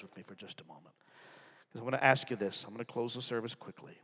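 A man preaching a sermon to a congregation, dropping to hushed whispers and rising to loud, emphatic passages. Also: mid-range voice, fast, breathy edge. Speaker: pastor. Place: large church with balcony. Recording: long hall reverb.

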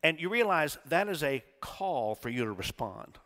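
A male pastor preaching a sermon, swinging between quiet talk and shouted call-and-response. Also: a little high, big pitch swings, moderate pace. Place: church sanctuary. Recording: church hall reverb.

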